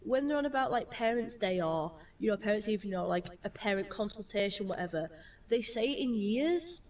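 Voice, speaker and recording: A woman's voice: medium pitch, animated, a little fast, far from the mic, lo-fi sound. A young woman and mother in a casual chat, swearing freely and acting out the things people said to her. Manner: chatty, swears freely, acts out quoted exchanges.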